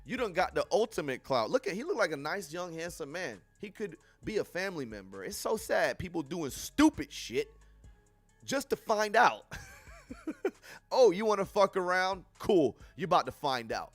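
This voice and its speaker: Animated profane young man streamer. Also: high voice, moderate pace, dry recording, soft background music. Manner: profane, animated, laughs often. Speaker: livestream host. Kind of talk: casual commentary on news clips.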